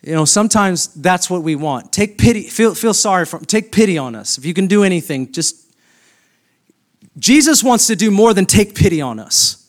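Pastor preaching, rising to high passion. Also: male voice, animated, moderate pace. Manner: builds from quiet reflective reading to loud, high, impassioned preaching. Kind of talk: sermon.

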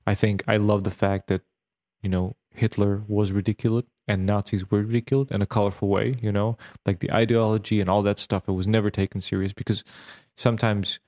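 A man's voice: lowish voice, a little fast, hardly any pauses. Casual man chatting about movies. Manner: animated, laughs often, many restarts. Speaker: podcast co-host.

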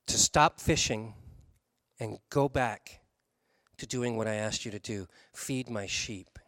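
A man preaching a sermon, telling a story in an animated way, switching between quick runs and slow, stressed words. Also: lowish voice, no room sound. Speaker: pastor.

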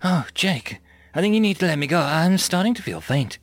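A man's voice: fairly high pitch, big pitch swings, brisk, no echo, voice pushed up. A man voicing a frantic, tearful middle-aged mother with a shaky, pleading manner in a storybook reading. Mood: faint pleading. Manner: shaky, pleading, rising to screams.

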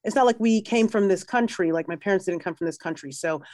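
New woman, musician guest, animated, mid-pitched, dry close sound. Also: dry recording. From New York. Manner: lively, laughing, fast-talking with lots of "like". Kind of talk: casual interview chat.

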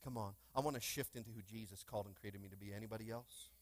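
A man preaching a lively sermon in a church, with call-and-response and playful asides to the congregation. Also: on the low side, fast talker. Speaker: pastor. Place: church sanctuary.

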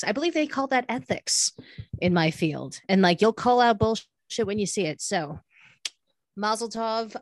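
A woman's voice: mid-range voice, dry recording. A woman co-hosting a wrestling podcast, talking casually in a rambling way with many fillers and restarts. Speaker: podcast co-host. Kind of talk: casual chat.

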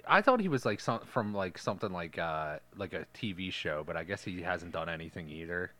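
A man with a fairly low voice co-hosting a casual movie podcast. He jokes and curses freely in a relaxed back-and-forth with his co-host. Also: brisk. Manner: profane, laid-back, jokey banter. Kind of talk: casual movie-review chat.

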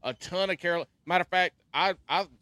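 A man who is a guest on a podcast, talking in an animated, folksy way in casual chat. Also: sits high, fast talker.

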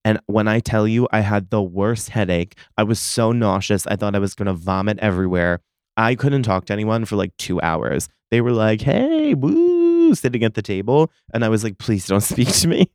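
A man's voice: lowish voice, a little fast, smooth, dry recording, studio quality. A man in his thirties hosting a solo podcast, telling stories in casual chat with profane, dramatic complaints. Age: 30s. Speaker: podcast host.

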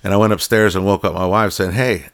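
A man's voice: deep voice, steady tone, fast talker, gravelly. A middle-aged man telling a personal story in a casual, rambling way, full of fillers and restarts. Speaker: guest telling his story.

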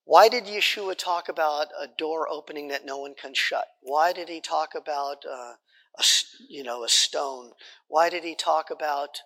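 A man's voice: on the high side, moderate pace, pushed and bright, big-room sound. A man teaching a Bible study class in a conversational way, repeating points and checking in with his listeners.

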